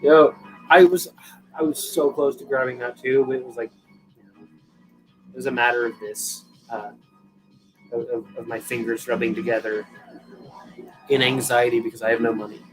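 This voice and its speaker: A young man hosts a casual live stream, rambling to his viewers with plenty of swearing and self-deprecating asides. His voice sits at an ordinary middle pitch. Music plays clearly behind him. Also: steady tone, normal speed, long pauses, rough recording. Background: music playing.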